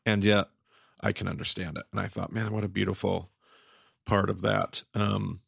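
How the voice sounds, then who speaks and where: A man co-hosting a podcast in casual chat, animated and quick to exclaim. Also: fairly low pitch, creaky, husky, dry recording, studio quality. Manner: animated, exclaims, quotes himself. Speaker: podcast co-host and teacher.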